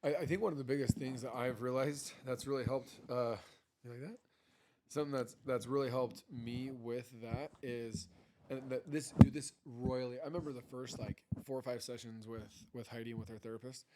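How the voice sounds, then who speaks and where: A man's voice: medium pitch, steady tone, moderate pace, background noise. Casual rambling man, husband co-host. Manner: casual, rambling, acts out quoted exchanges. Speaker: podcast co-host. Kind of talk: casual chat.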